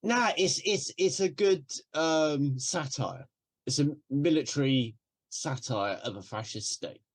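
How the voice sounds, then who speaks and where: A man co-hosting a podcast, chatting casually, laughing often and trailing off quietly. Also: on the high side, lively intonation, unhurried. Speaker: podcast co-host. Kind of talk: casual chat.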